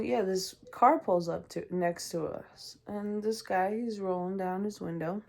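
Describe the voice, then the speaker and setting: Woman host, young adult, unhurried personal storytelling, chatty with fillers, mid-pitched. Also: vocal fry, darkish tone. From Canada. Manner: casual and chatty, many ums, acts out voices. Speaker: podcast host.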